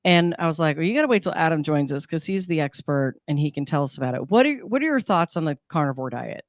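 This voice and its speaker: Chatty woman radio host, low voice. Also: animated, fast talker, no room sound, clean studio sound. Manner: chatty, rambling with fillers and restarts. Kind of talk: casual morning radio chat.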